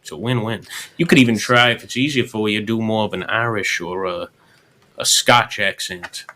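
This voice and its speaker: Bright-voiced profane Western drawler. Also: male voice, fairly low pitch, normal speed, slight background noise. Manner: folksy, profane, persuasive. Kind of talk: in-character roleplay chat.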